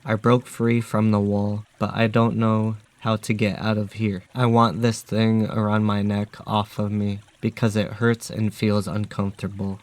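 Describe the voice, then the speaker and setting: A man voicing a huge menacing talking wolf, delivering threats in a flat, measured way. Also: on the low side, lightly acted.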